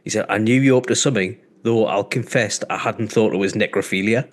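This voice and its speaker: A man with a northern English accent, co-hosting a podcast and telling stories in a relaxed, hesitant way. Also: on the low side, a little fast. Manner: relaxed, hesitant storyteller full of ums. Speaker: podcast co-host. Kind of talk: casual chat.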